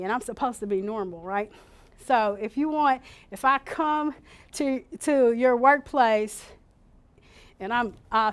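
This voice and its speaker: A woman leading an informal care-training workshop, chatty and animated, acting out little scenes with sudden loud bursts. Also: a little high.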